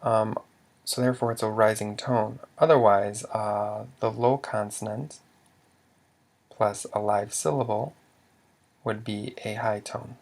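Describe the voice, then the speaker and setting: A man's voice: lowish voice, steady tone, a little slow, gravelly. A man teaching a language lesson, patiently quizzing the listener and sounding out example words. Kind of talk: slow instructional explanation.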